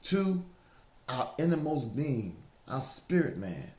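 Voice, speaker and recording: Speaking slowly in a mid-range, slightly mellow voice, a man delivers a very animated, casual motivational talk rooted in faith. He keeps repeating key phrases to make them stick, and the recording carries a roomy echo.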